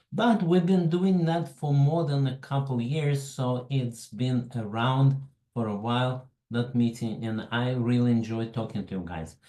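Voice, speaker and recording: A man with a Russian accent hosts a webinar over a computer mic. He talks slowly and haltingly, with a mellow, relaxed tone, in an echoey room. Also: mid-range voice. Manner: slow, halting, greets attendees by name. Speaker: webinar host. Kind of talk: casual online presentation.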